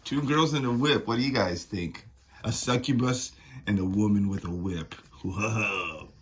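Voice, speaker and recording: A man's voice: on the low side, unhurried, fairly bright tone, breathy edge. A man reading a comic aloud and adding joking, casual asides between the lines. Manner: joking asides, trailing off into mumbles. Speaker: comic reader.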